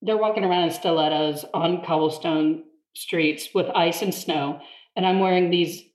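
A woman telling an animated story in casual conversation, laughing often and acting out the people in it. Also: lowish voice, moderate pace. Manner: animated, laughs often, mimics others in quotes. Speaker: guest. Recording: roomy echo.

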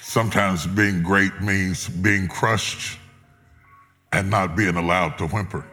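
A man preaching a sermon as a guest preacher, swinging between loud, soaring lines and hushed, low ones. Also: steady tone, slow, faint music behind. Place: large church auditorium with live congregation. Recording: echoey hall with loud congregation.

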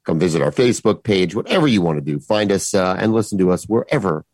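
A man's voice: sits low, fast talker, no room sound. A man in his fifties co-hosting a podcast, joking wryly in casual chat. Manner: wry, joking, animated. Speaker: podcast co-host.

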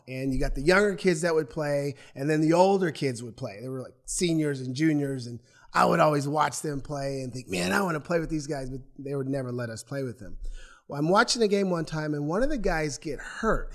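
A man from Portland, Oregon, a former athlete, telling his own stories in an interview and acting out what others said. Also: on the high side. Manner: animated, acts out voices in his stories. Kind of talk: storytelling in an interview.

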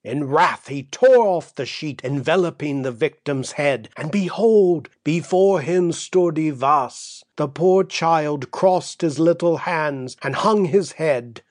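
A man narrating a classic tale for an audiobook, in a measured, dramatic storytelling manner, close to the mic. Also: a little high, no echo.

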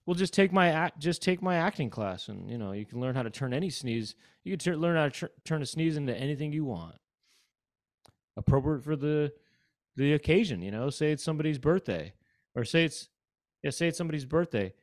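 A man's voice: a little high, expressive, fairly quick, dry recording, clean studio sound. A man co-hosting a comedy podcast, rambling through casual chat and breaking into silly sneeze bits. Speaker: podcast co-host.

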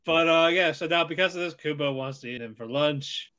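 A man's voice: a little high, brisk, bright, forceful tone. A man co-hosting a casual anime recap chat, loose and chuckling as he rambles through the plot. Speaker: podcast co-host.

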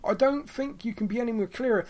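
A man's voice: very high voice, quick pace, darkish tone. A man co-hosting a podcast and chatting casually about a TV episode, with lots of ums and quoted lines he acts out. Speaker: podcast co-host. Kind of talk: casual chat reviewing a TV episode.

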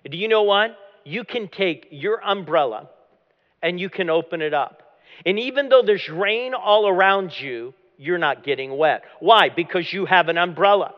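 A man preaching a dramatic sermon as pastor, often dropping to a low hush at the end of a phrase. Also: expressive, moderate pace. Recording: long hall reverb, dull lo-fi sound.

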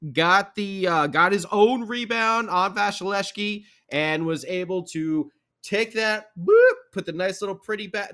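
A man with a high-sitting voice hosts a podcast, recapping a hockey game. His delivery is animated and rambling, full of fillers and restarts.

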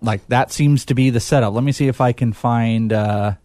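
A man's voice: mid-range voice, moderate pace, dark tone, no room sound, studio quality. A man hosting a casual sports chat, rambling and hesitant with lots of fillers. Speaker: podcast host.

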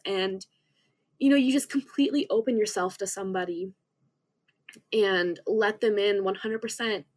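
A young woman appears as a podcast guest, sharing an emotional story from her own life. She speaks earnestly but haltingly, restarting often, in a medium pitch.

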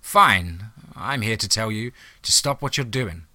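A man voicing the devil as a smooth, seductive woman in a spoken horror story, teasing and sly. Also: lowish voice, expressive, a little slow, sharp tone, no room sound, clean studio sound, exaggerated voice.

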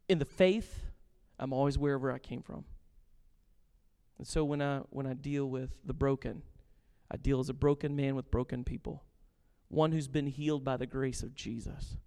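A man preaching a sermon, animated, switching between quiet asides and loud acted-out quotes. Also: mid-range voice, moderate pace, clear, resonant tone, long reverb tail. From grew up on a farm. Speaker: pastor.

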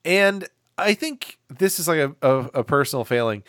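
A man's voice: a little high, lively intonation, normal speed, fairly bright tone, no room sound, studio quality. A man co-hosting a casual movie podcast, joking around and acting out characters in mock voices. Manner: jokey, acts out quoted characters in mock voices. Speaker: podcast co-host. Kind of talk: casual movie review chat.

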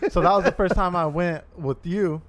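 A man's voice: sits high, moderate pace. A man co-hosting a casual podcast, telling funny stories while laughing and saying "dude" constantly. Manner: laughing, animated, says "dude" a lot. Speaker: podcast co-host. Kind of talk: casual chat, storytelling.

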